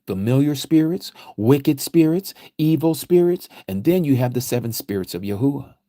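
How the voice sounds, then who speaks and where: A man teaching a livestreamed scripture lecture, preaching emphatically and repeating phrases, his voice swinging from quiet to loud. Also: mid-range voice, animated, moderate pace, dry recording, studio quality. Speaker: Bible study teacher.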